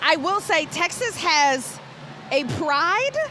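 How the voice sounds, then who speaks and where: A bubbly woman calls a night parade live for TV, her voice sitting high. She chats easily with her co-host. Loud crowd noise surrounds her outdoors. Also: expressive, slow. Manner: chatty, bubbly, breaks into song. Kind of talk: live broadcast commentary. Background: noisy crowd.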